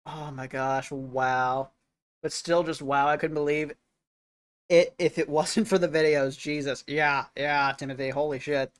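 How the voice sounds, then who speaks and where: Excitable streamer, slow and exclamatory. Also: male voice, fairly high pitch, a little hiss or hum. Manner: excitable, exclamatory, swears often. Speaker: streamer host. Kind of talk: reaction stream commentary.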